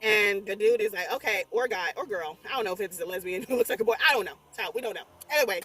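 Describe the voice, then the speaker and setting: A young adult woman recapping a horror movie in a casual, rambling way, animated and swearing constantly as she exclaims through the story. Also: mid-range voice, fast, husky, distant mic. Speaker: movie reviewer. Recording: voice a bit off-mic, faint music behind.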